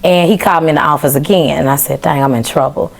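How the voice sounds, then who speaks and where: Animated woman telling a story. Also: low voice, fast talker, gravelly. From Memphis, Tennessee. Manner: animated, acts out quoted dialogue. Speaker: podcast guest. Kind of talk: casual storytelling.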